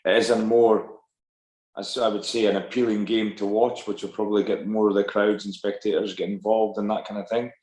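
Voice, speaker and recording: A man co-hosts a rugby podcast, hesitating and repeating words as he builds an argument. His voice is low and sits in an echoey room. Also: little pitch movement, fairly quick, a little mellow. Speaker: podcast co-host. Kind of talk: casual rugby podcast discussion.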